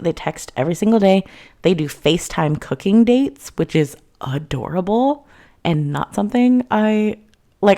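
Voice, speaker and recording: Young woman, low voice, chatty book recap, lots of "like", casual. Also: a little mellow. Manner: chatty, many "like"s, acts out quotes lightly. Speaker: book reviewer.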